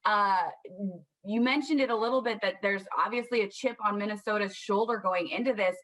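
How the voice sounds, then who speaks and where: A woman's voice: mid-range voice, fairly quick, fairly bright tone, poor audio. A woman co-hosting a sports panel, bubbly and putting questions to the guests. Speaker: co-host. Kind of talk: casual panel discussion.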